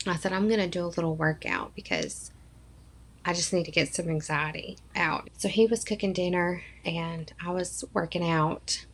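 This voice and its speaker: As a podcast guest, a woman in her thirties from Arkansas shares a deeply personal story with earnest emotion, acting out what the people in it said. Her fairly low voice has a gravelly, creaky texture and is a bit bright.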